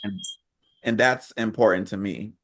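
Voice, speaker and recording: A man's voice: on the low side, measured pace. A man co-hosting a podcast, giving firm opinions in a laid-back slangy casual chat. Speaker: podcast co-host.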